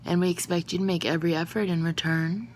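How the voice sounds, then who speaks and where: A woman's voice: lowish voice, fairly even intonation, fast, darkish tone, a little hiss or hum, natural voice. A woman reading as a haughty lady employer. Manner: haughty, lecturing. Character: snobbish haughty lady of the house.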